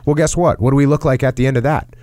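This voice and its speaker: A middle-aged man in a casual podcast talk, reading from an article and acting out quotes with lively jumps in pitch. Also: very fast, no echo, clean studio sound. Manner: animated storyteller, acts out quotes in a raised pitch. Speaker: podcast host.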